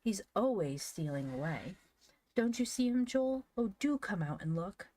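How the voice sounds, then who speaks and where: A woman voicing an excitable, indignant young boy who shrills and cries out in a storybook reading. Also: mid-range voice, unhurried, no echo, voice pushed up. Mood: excited, indignant.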